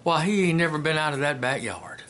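Man doing a blunt folksy guy selling his dog, bright voice. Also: fairly high pitch, lively intonation, brisk, slight background noise, pitched above the performer's own voice.

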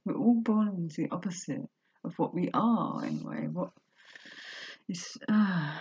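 A woman's voice: lowish voice, measured pace, darkish tone, a little hiss or hum. A woman vlogger reading a book aloud and breaking off into earnest, emotional, confessional commentary. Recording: dull lo-fi recording.

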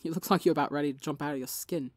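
A woman with a slightly gravelly voice, reading the lines of a relaxed young man who teases his younger friend. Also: low voice, rapid-fire, dry recording. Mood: teasing. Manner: teasing and relaxed. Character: teasing, easygoing young man, warm older-brother type.

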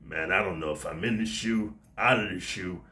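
A man putting on the voice of a withdrawn inmate just out of solitary, speaking low and subdued. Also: moderate pace, pushed and bright, a little hiss or hum. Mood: haunted, subdued.

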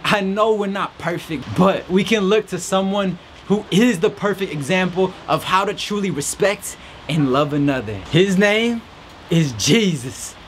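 High-voiced man giving an earnest pep talk. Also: a little slow, a little hiss or hum. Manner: earnest, encouraging, preachy. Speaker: podcast host. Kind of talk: motivational faith talk. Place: outdoors in a rainstorm.

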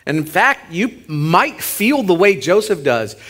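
A man, a pastor co-leading a sermon, retelling a Bible story in an animated, joking way. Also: high voice, unhurried. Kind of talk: sermon, co-preaching.

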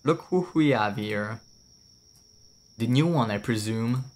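A man voicing a sly, greedy village monk with a soft, slow, faintly menacing delivery in a horror game. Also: medium pitch, lightly acted. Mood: welcoming.

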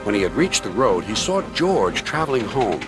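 A man reading a children's story aloud in an expressive storytelling manner. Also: on the low side, moderate pace. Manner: expressive reading with many voices. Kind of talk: storybook narration. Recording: narration over loud music.

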